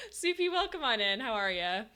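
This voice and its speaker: A woman game streamer chatting casually with her viewers, talkative and quick to laugh as she answers chat. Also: medium pitch, bright, forceful tone.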